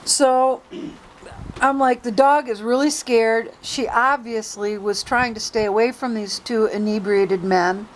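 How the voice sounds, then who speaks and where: A woman's voice: a little high, steady tone, unhurried, rough recording. A woman recording a daily vlog, relating a long story in a casual, chatty way. She slips quoted dialogue into the telling. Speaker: vlogger.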